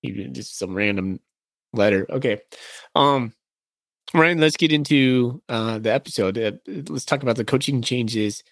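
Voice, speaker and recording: A man's voice: mid-range voice, normal speed, fairly bright tone, no room sound. An easygoing man co-hosting a podcast, with a mid-range voice and a self-deprecating way of talking. The sound is dry and close. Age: adult. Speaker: podcast co-host. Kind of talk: casual podcast chat.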